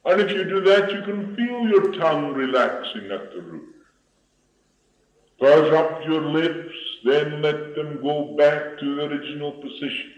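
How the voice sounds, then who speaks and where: Male speech teacher, unhurried, demonstrates sounds; dull lo-fi recording in an echoey room. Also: a little high, animated. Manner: slow, deliberate, demonstrating vocal sounds. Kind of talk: instructional voice lesson.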